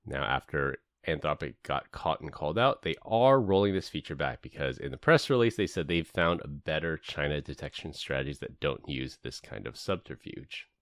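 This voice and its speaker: Very deep-voiced man, animated podcast host. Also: moderate pace, few pauses, dry recording, clean studio sound. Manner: animated storytelling, acts out quoted people. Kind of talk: casual tech podcast chat.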